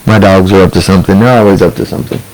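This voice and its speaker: A man's voice: deep voice, steady tone, rapid-fire, a little mellow, poor audio. A middle-aged man hosting a solo online show, ranting bluntly and profanely, rambling with restarts and asides.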